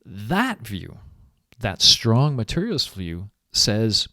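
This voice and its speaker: A male university lecturer explaining ideas in an animated, conversational way. His voice sits low but moves a lot in pitch. The recording is close and dry. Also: normal speed, no echo.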